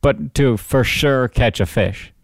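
A man's voice: mid-range voice, takes it slowly, vocal fry, no echo. A man co-hosting a podcast, chatting casually and joking around. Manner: playful, jokey. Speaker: podcast co-host. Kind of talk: casual chat.

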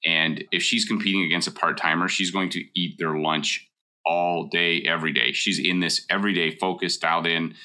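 Middle-aged man, very deep and bright-toned, casual advice talk, emphatic and direct. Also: fairly even intonation, moderate pace. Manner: blunt, emphatic, repeats key points. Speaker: mortgage broker.

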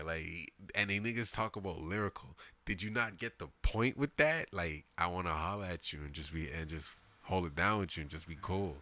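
A man's voice: deep voice, moderate pace, few pauses, sharp tone, dry recording. A man hosting a casual music chat, laid-back and slangy, with lots of fillers.

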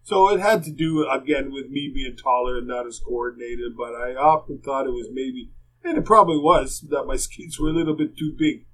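A man's voice: medium pitch, moderate pace, a bit bright, a little hiss or hum, rough recording. An older man, a former hockey player rambling through plainspoken anecdotes as a podcast guest. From Canada. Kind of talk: casual storytelling.

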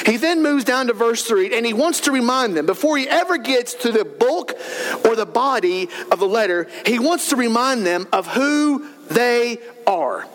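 A man pastor preaching a sermon in a church, earnest and emphatic, rising in bursts of excitement. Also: very high voice. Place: church sanctuary.

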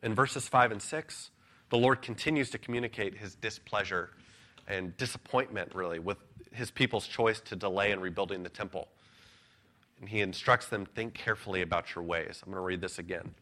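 A man preaching an earnest, measured expository sermon, pausing now and then with an "uh". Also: lowish voice, bright, forceful tone. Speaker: pastor.

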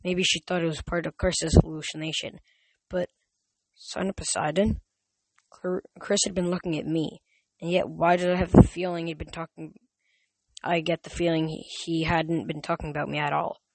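High-voiced man reading a novel aloud. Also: flat delivery, a little fast, vocal fry, a little mellow, no room sound. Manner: frequent slips and self-corrections. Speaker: reader.

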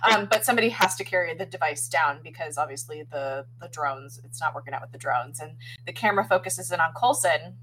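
A woman casually recapping a TV episode, chatty and animated, full of "like" and "um". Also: low-pitched, brisk, hardly any pauses, a little hiss or hum, low-quality recording. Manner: chatty, heavy use of "like" and "um", animated retelling. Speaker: podcast host recapping a TV episode. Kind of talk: casual chat.

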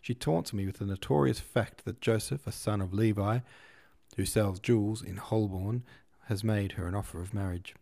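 A theatrical, proud middle-aged father, read by a man in a low, mellow voice. He speaks in grand, mock-pompous phrases, declaiming with relish. It sounds like a storybook reading. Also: steady tone, normal speed, vocal fry.

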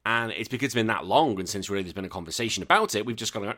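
A man's voice: fairly low pitch, expressive, rapid-fire, sharp tone. A British man hosting a retro gaming podcast, chatting casually and rambling, correcting himself and laughing as he goes. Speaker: podcast host. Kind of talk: casual solo chat.

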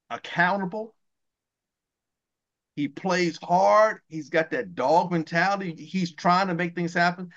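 A man's voice: a little high, fairly bright tone, dull audio. A man co-hosting a podcast, talking football in a heated, ranting way and swearing often. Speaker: podcast co-host. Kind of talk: casual sports talk.

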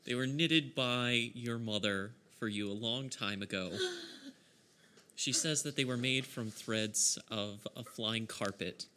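A man's voice: medium pitch, slow pace, bright, forceful tone, a little hiss or hum. A man narrating as game master of a tabletop game, easygoing, with frequent chuckles and fillers.

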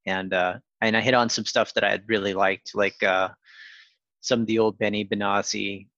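Bright-toned man chatting casually. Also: lowish voice, level tone, normal speed, no echo, muffled recording. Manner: rambling, laid-back storyteller with many fillers. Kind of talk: casual chat.

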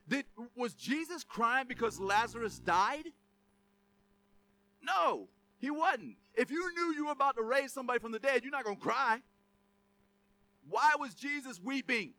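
A man's voice: very high-pitched, pushed and bright. A middle-aged man preaching a sermon in a conversational, joking way, full of asides and laughter. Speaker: pastor.

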